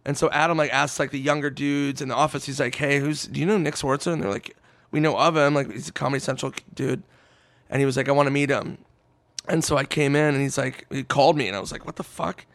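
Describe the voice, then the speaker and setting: A man telling a story in casual podcast chat, animated and swearing, acting out what others said. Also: mid-range voice, fast, no echo. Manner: animated, swearing, acts out quotes. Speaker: podcast guest.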